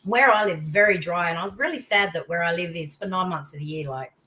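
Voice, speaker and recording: An older woman with an Australian accent, a guest on an interview show, telling a personal story in casual chat with excited outbursts. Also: fairly low pitch, quick pace, rough recording. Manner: animated storytelling, voice leaping into exclamations.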